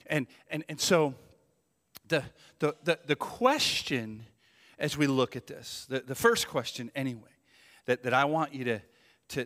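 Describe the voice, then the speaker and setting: Animated preaching man, lively bright voice. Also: on the high side. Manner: animated, swinging between loud emphasis and hushed asides. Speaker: pastor. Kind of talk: sermon. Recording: long reverb of a church hall.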